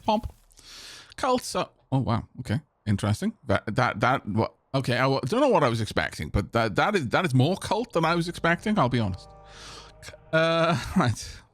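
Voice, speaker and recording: A man's voice: mid-range voice, big pitch swings, normal speed, a bit bright, no room sound. A man from Wales with a South Welsh accent, chatting casually with stream viewers during a late-night let's play, rambling and restarting his sentences. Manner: rambling, chatty, frequent restarts and self-corrections.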